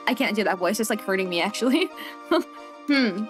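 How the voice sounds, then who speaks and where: A young woman streaming a game, giggly and animated, poking fun at herself. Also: mid-range voice, brisk, soft background music. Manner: giggly, animated, self-mocking. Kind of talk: casual gameplay commentary.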